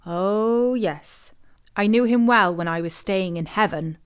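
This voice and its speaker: A woman's voice: medium pitch, takes it slowly, smooth, natural voice. A woman voicing a cunning old male soldier, a sly trickster in a storybook tale.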